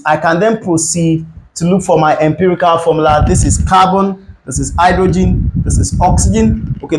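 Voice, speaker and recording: A man's voice: high-pitched, low-quality recording. A man teaching an exam-prep chemistry lesson, working through calculations step by step and repeating key points. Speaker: chemistry tutor.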